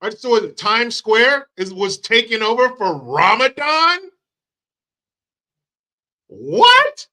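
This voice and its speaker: A man's voice: very high voice, big pitch swings, unhurried, hardly any pauses, bright, forceful tone. A man hosting a commentary show, ranting in a heated, sarcastic and profane way. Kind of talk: profane political rant.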